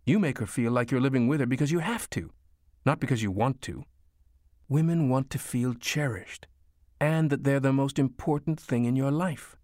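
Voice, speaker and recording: A man voicing a sharp-tongued older mother who lectures her grown son insistently in an audiobook. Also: medium pitch, no room sound, studio quality, voice pushed up, natural voice. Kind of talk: audiobook character voice.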